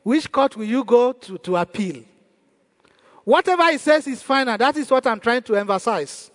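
A man's voice: very high-pitched, lively intonation, moderate pace. A male pastor preaching a sermon in a church hall, emphatic and repeating his key phrases. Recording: long church hall reverb.

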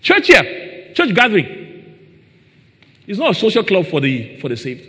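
A man's voice: high-pitched, wildly swooping pitch, moderate pace, bright, forceful tone. A man preaching a sermon to a congregation, reading scripture and stressing his points with "Praise the Lord" and questions to the listeners. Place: church hall. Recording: long reverb of a hall.

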